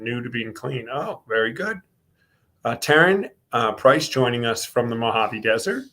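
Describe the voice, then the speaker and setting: A Northeastern American man hosts a relaxed online talk show. He chats loosely, rambles a little, and greets viewers one by one in a medium voice. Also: medium pitch, a little slow. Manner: chatty, greets viewers by name. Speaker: host. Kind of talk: casual online show chat.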